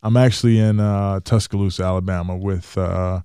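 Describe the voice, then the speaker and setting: A young man, a guest on an interview, telling his story in a casual, animated way and acting out what he thought at the time. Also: deep voice, brisk, clean tone, dry recording, studio quality. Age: young adult. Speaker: NFL tight end, guest.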